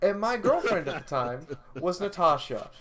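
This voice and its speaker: A woman streamer telling a story in a casual, animated way, often stammering, repeating words and laughing. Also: on the low side, moderate pace, crowd noise.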